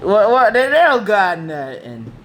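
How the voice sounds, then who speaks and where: A man's voice: sits high, very animated, measured pace, a bit bright, a little hiss or hum. A man with damaged vocal cords, ranting in a rambling, repetitive, slangy way. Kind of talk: casual rant to camera.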